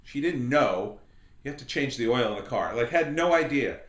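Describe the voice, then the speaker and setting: Man, middle-aged, podcast host, casual rambling storytelling, medium pitch, echoey room. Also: moderate pace. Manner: rambling anecdotal, animated quoted voices.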